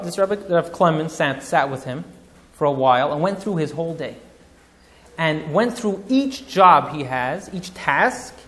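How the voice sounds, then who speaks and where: A male rabbi recounts a story with drama and feeling, mixing in Yiddish and Hebrew terms. His speaking voice sits somewhat high for a man. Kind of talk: storytelling talk.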